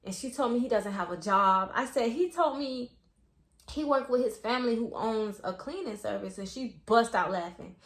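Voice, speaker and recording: Young woman, animated and profane storytime vlogger, slightly high voice, echoey room. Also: normal speed. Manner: animated, profane, acts out quotes. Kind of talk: storytime vlog.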